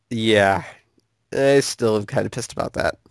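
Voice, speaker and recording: A man ranting about games in casual chat with a friend, animated and quick to curse and laugh. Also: fairly low pitch, gravelly, dry recording, studio quality. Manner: animated, swears freely, laughs often. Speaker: co-host of a gaming channel.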